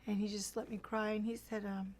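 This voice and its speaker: A woman giving a halting personal testimony in an interview, with frequent restarts and fillers. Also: medium pitch, little pitch movement, a little mellow, slight background noise.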